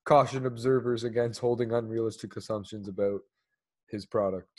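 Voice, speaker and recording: A man's voice: fairly low pitch, steady tone, a little fast, a little mellow. A man co-hosting a casual chat, reading news aloud and cracking crude jokes, laughing often. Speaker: podcast co-host.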